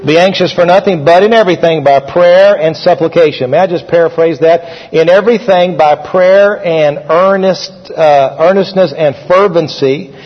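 A man's voice: on the high side, moderate pace, hardly any pauses. A man preaching a sermon to a congregation, talking conversationally and leading call-and-response. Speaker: pastor. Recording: dull, echoey hall recording.

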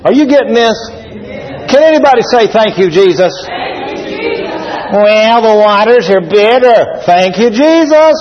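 A man preaching a sermon to a congregation, animated, acting out scenes with shouts and laughs. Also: high-pitched, unhurried, pauses often, crowd noise. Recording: dull sound with long hall reverb.

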